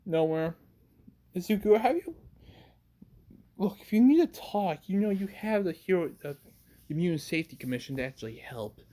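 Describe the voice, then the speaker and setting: A man's voice: high voice, big pitch swings, moderate pace, pauses often, warm tone, pitched above the performer's own voice. A man voicing a worried middle-aged mother who pleads with her son. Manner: anxious, pleading.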